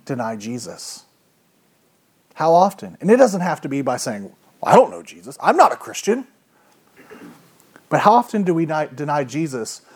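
Male preacher, slightly high voice, casual and emphatic, asks the congregation questions. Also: a little mellow. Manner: conversational, emphatic, rhetorical questions. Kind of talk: sermon.

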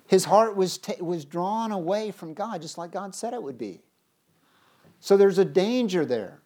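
A preacher giving a sermon, reading scripture aloud emphatically with big swings in pitch and loudness, often restarting words. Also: animated, measured pace. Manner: stumbles and restarts words mid-phrase.

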